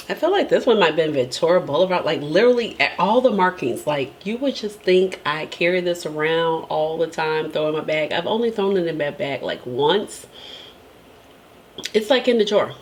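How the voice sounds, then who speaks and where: A woman beauty vlogger talking casually and emphatically to her viewers, laughing often and tagging her points with "okay?". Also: on the low side. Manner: chatty and emphatic, tags lines with "okay?"; laughs often between remarks. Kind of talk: casual chat.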